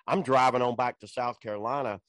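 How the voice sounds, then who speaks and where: A man's voice: mid-range voice, fairly even intonation, a little fast, a bit bright, dry recording. Casual guy chatting, cussing and laughing a lot, dry sound. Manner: laid-back, swears, laughs often; colloquial storyteller. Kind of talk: casual chat.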